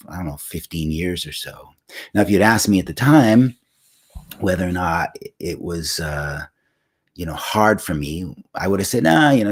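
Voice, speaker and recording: A man in his sixties telling a personal story on his livestream in a reflective, unhurried way, with many pauses and restarts. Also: deep voice, slightly rough. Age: 60s. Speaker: singer-songwriter hosting a livestream.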